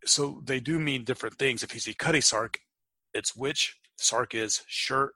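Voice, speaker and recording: A man's voice: mid-range voice, a little slow, pushed and bright, no room sound. A middle-aged American man co-hosting a podcast, chatting casually and often repeating words as he starts a sentence. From United States. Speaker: podcast co-host. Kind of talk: casual chat.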